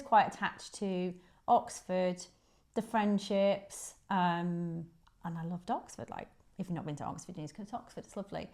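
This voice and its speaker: A woman's voice: fairly low pitch, a little mellow. A woman in her forties from Manchester with a Northern English accent, a guest chatting casually, self-deprecating and full of ums. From Manchester, England. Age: 40s. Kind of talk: casual chat.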